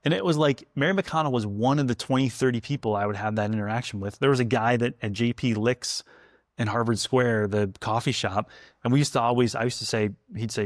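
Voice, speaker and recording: A man's voice: mid-range voice, quick pace, no echo, clean studio sound. A man, a food historian, chatting as a podcast guest and telling stories with jokey asides. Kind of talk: casual podcast conversation.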